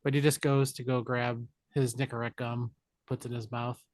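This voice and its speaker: Animated man recapping a movie. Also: medium pitch, normal speed, dry recording, studio quality. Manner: animated, jokey retelling with put-on character lines. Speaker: podcast co-host. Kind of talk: casual movie recap chat.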